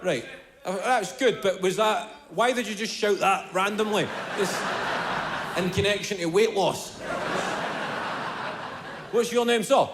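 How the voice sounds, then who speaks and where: A Scottish man doing animated stand-up comedy, swearing freely and putting on the voices of family members. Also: high voice, unhurried, long pauses. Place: live comedy venue with audience. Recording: roomy live venue with crowd noise.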